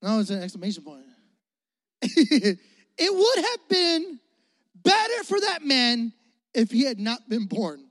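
A youth pastor preaches in a loose, joking way, asking the crowd to call back answers and laughing along. The voice sits at a middling pitch. It rings out with a long reverb through a big hall. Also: big pitch swings, slow, long pauses, fairly bright tone. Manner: casual, joking, talks straight to the crowd; calls for responses and laughs often. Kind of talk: energetic sermon.

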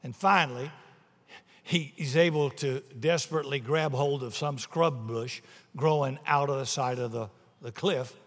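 A male pastor preaching a sermon, telling stories and shifting between loud and hushed delivery. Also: mid-range voice, moderate pace, big-room sound.

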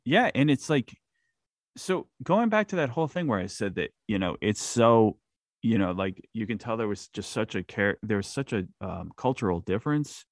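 Podcast host, man, low gravelly voice, dry close mic, loose rambling film chat. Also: normal speed, dry recording. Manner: rambling, filler-heavy, animated.

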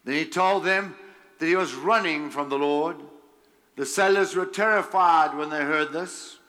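Slow, bright-voiced preacher man. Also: a little high. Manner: slow, emphatic delivery with chuckles. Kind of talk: sermon reading scripture with commentary.

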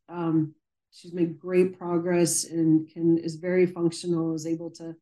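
A woman physical therapist calmly recounting a patient's progress in a measured way. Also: on the low side, low-quality recording. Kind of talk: casual chat, reflective storytelling.

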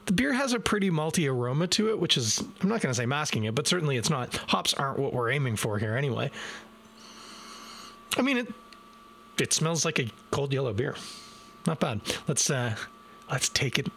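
A man's voice: medium pitch, big pitch swings, a little fast, vocal fry, long pauses, fairly bright tone, slight background noise. A man reviewing a beer live from his desk in a casual, self-deprecating way, talking straight to his viewers. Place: home desk. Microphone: desk microphone.

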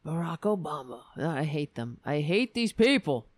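A woman's voice: low voice, very animated, moderate pace, no echo. Sarcastic, profane woman ranting. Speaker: political commentary host. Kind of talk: political commentary rant.

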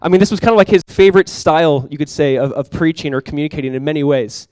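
A young adult man preaching a sermon as pastor, casual and chatty with many fillers, praying softly and slowly at times. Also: on the high side, clean tone, dry recording. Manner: soft, slow prayer.

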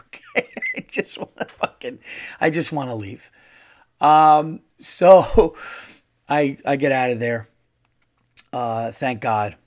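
A male comedian hosting a podcast, telling a rambling, self-deprecating story with stammers and restarts. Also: medium pitch. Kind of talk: casual storytelling.

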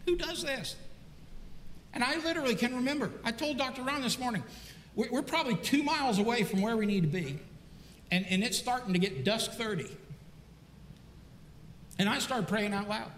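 Animated high-voiced preacher in an echoey hall. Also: male voice, moderate pace, long pauses, a little hiss or hum. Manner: animated storytelling with repeated words and restarts. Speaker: pastor. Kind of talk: sermon. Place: church sanctuary. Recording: echoey church hall reverb.

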